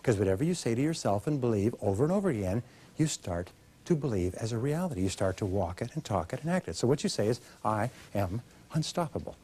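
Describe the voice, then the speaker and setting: A man's voice: mid-range voice, very animated, quick pace, mellow, breathy edge. A man giving a motivational seminar talk, emphatic, asking rhetorical questions and having the audience repeat his lines. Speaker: motivational speaker.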